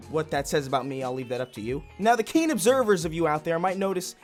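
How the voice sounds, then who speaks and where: Man, slightly high voice, deadpan mock-tutorial host who rambles and restarts, faint music under him. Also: fast talker, hardly any pauses. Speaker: comedy YouTuber parody host. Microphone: desk mic in home setup.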